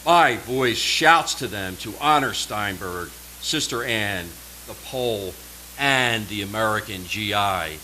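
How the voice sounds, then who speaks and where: A man reading his own poetry live at a small performance venue, pacing each line with slow, dramatic pauses. His voice sits low but sounds bright and forceful, with a faint hiss behind it. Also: low-quality recording. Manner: measured, dramatic delivery with slow emphatic pauses. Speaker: poet.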